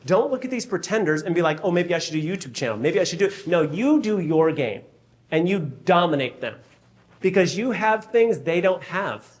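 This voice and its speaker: A man, a real estate coach, giving a keynote talk and acting out conversations with raised voices. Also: sits high. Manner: animated storyteller, acts out dialogue in raised voice.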